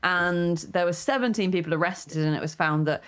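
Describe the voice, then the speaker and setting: A woman's voice: on the low side, a little fast, smooth. A woman co-hosting a casual chat in a breezy, joking way, laughing often. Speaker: podcast co-host.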